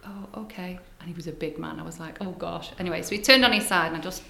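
An older woman, a spiritual healer appearing as a guest, tells stories in a casual interview with a bright yet fairly low voice at a racing pace. She's an animated, breathy storyteller who drops into hushed asides, recorded in an echoey room.

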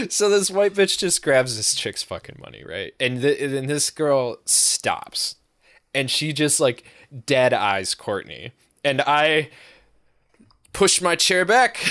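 A young man spins a long, rambling story, swearing freely and tagging lines with "right?". His pitch swings up and down with lively energy. The sound is dry and close, with no room around it. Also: dry recording. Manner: rambling and profane, with many fillers and "right?" tags, often breaking into laughter. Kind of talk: casual anecdote on a podcast.

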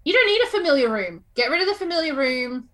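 Podcast co-host, woman, playful and excitable, crisp bright tone, swings widely in pitch. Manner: playful, excitable, quick to exclaim. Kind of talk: casual podcast chat.

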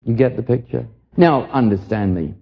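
An older man from England preaches in an earnest, reflective way and often stumbles over the first word of a line. His voice is husky and breathy, at an ordinary pitch. The recording is dull and lo-fi. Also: normal speed. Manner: earnest, reflective, repeats words as he starts lines. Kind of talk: sermon.

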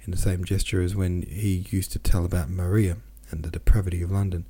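A man reading a classic novel aloud as narrator in a measured, deliberate way. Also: deep voice, level tone, mellow, husky. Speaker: audiobook narrator, podcast host.

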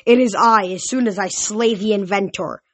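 A woman's voice: mid-range voice, normal speed, no room sound, natural voice. A woman voicing a wrathful male ghost king who sneers and commands, while reading a novel aloud. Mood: sneering.

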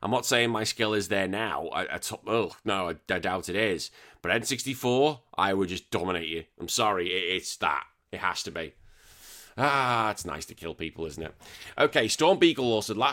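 A young British man hosting a retro games podcast, reading out listener comments in an excitable, sweary, laughing manner. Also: sits low, moderate pace. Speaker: podcast host.

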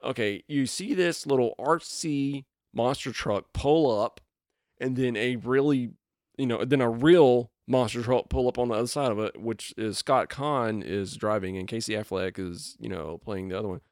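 A man co-hosting a casual movie chat, animated and given to acting out quotes from scenes. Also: mid-range voice, moderate pace, no room sound, studio quality. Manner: animated, acts out quotes in a raised voice. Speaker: podcast co-host.

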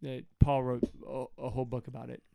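Animated man chatting about scripture. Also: mid-range voice, brisk, vocal fry, no room sound. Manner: animated, acts out quotes with sudden loud jumps. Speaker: podcast co-host. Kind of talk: casual Bible study chat.

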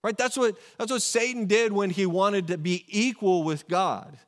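A man's voice: high voice, normal speed. A man preaching a sermon in a conversational way, often asking rhetorical questions and correcting himself. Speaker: pastor.

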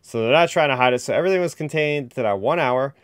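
A man's voice: mid-range voice, fast talker, clean tone, dry recording. A man co-hosting a podcast, chatting casually and enthusiastically. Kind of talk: casual chat.

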